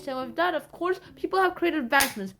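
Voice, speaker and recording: A woman's voice: sits high, lively intonation, fast talker, a bit bright, a little hiss or hum. A woman casually summarizing science news from a magazine, in a loose, rambling way with playful asides.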